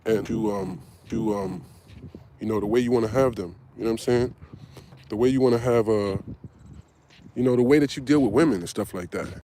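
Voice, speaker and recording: A man's voice: lowish voice, brisk, long pauses, warm tone, a little hiss or hum. A man, telling his life story in casual talk, candid and profane, acting out the voices of people he quotes. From Harlem, New York. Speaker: podcast host.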